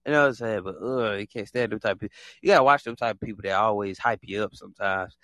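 A man's voice: medium pitch, quick pace, a bit bright. A man hosting a podcast, talking casually on his own, repeating himself a lot and acting out other people in exaggerated voices. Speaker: podcast host. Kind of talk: casual solo monologue.

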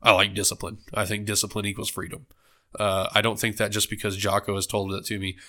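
Bright-voiced man with a stuffy nose. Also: lowish voice, little pitch movement, quick pace. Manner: rambling, self-correcting, joking. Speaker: book club podcast host. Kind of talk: casual solo podcast commentary.

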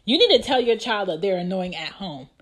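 Exasperated young mom telling a story. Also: female voice, fairly quick, slightly rough. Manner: animated, exasperated, acts out quoted lines with big jumps in pitch and loudness. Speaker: mother telling a parenting story. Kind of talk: casual storytelling monologue.

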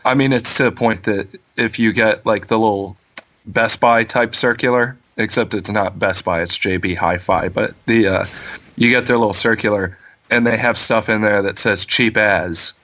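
A man's voice: fairly low pitch, steady tone, normal speed, fairly bright tone. A man calling in over a video call as a guest, chatting casually and telling stories with dry, joking humor. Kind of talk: casual chat.

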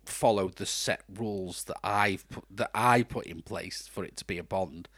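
A man's voice: low-pitched, moderate pace, fairly bright tone, husky, dry recording, studio quality. A man co-hosting a casual podcast, chatty and self-mocking, talking with lots of restarts. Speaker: podcast co-host. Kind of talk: casual chat.

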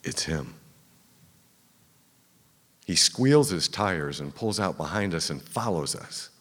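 A man's voice: deep voice, animated, takes it slowly, fairly bright tone. A man telling a true story to a live audience, dramatic and first-person. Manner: dramatic first-person telling, drops to a whisper at tense moments. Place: stage in a theater. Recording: long reverb of a live theater hall.

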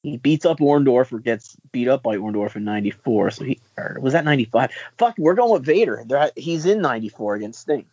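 A man trades jokes and curses while he works through trivia questions on a casual podcast. His voice is a little husky, and the recording is dry and dull. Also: mid-range voice, animated, brisk, hardly any pauses, dry recording. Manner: profane, joking, thinks out loud. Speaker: podcast co-host and quiz contestant.

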